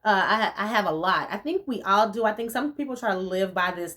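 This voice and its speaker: A young woman from the rural US chatting casually as a vlogger answering viewer questions, animated and laughing often, with relaxed slang. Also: medium pitch, brisk. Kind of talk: casual chat.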